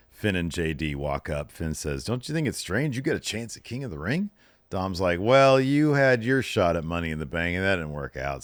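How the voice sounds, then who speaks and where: Deep lively man recapping wrestling. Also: dry recording, studio quality. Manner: lively storytelling, mimics wrestlers' lines. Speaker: podcast co-host.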